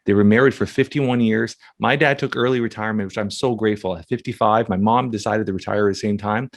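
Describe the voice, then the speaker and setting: A man hosting a podcast who speaks in a halting, emotional way, restarting often as he talks about family. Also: on the low side, fairly even intonation, no room sound. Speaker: podcast host. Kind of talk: casual conversation.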